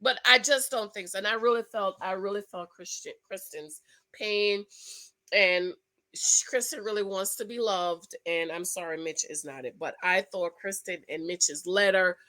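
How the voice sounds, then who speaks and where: A woman with a bright, forceful voice talks straight to her viewers in a casual commentary. She is expressive and emotional, jumping from loud excitement to quiet asides. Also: medium pitch, moderate pace, poor audio. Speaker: vlogger reviewing a reality show.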